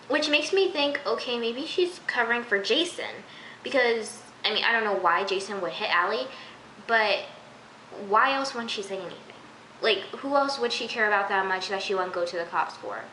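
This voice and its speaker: Chatty young woman, bright echoey room. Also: mid-range voice. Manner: rambling, lots of fillers, incredulous asides. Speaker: TV episode reviewer. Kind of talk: casual rambling review. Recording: echoey room with faint hiss.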